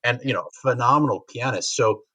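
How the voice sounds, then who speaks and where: A man co-hosting a casual podcast interview, talking in a hesitant way with many pauses and fillers. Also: medium pitch, bright, forceful tone, slightly rough, low-quality recording. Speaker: podcast co-host.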